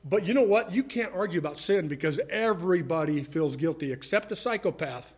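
A male pastor preaching a sermon, acting out courtroom exchanges and moving between loud bursts and quiet asides. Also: a little high, lively intonation, brisk, breathy edge.

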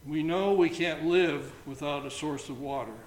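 A man leading an informal Bible study, reading scripture aloud between halting comments. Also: a little high, a little mellow. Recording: roomy echo, faint background noise.

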